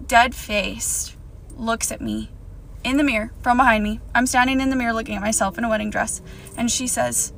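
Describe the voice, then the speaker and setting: Woman, young adult, storytime vlog, gravelly fry, indignant, bright tone. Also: on the high side, fairly even intonation, brisk, a little hiss or hum, poor audio. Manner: emphatic, indignant retelling. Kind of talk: storytime to camera.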